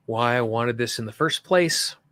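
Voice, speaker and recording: A man guides listeners through a tapping session, setting out calm, slow affirmations for them to repeat and breaking off for loose, chatty asides. His voice is bright and forward, and it is recorded dry and close with almost no room sound. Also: mid-range voice, no room sound. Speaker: tapping coach.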